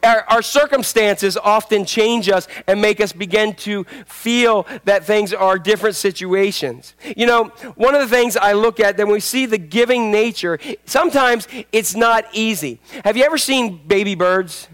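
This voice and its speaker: A man's voice: high voice, normal speed, few pauses, fairly bright tone, clean tone. A male pastor giving a folksy sermon, repeating phrases for emphasis and telling homely stories.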